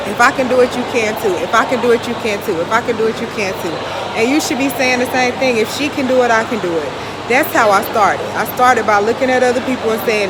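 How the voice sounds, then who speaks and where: A woman vlogging outdoors on city streets, frank and irritated, hot and out of breath from walking. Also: on the high side. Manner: frank, irritated venting, then motivational. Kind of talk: casual vlog talk to camera. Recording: street noise under the voice. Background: street and traffic noise.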